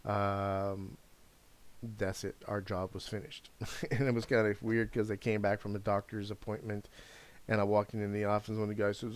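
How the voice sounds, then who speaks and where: A middle-aged man hosts a live stream, chatting casually in a frank, rambling way and swearing now and then. His voice is lowish and level, at a moderate pace.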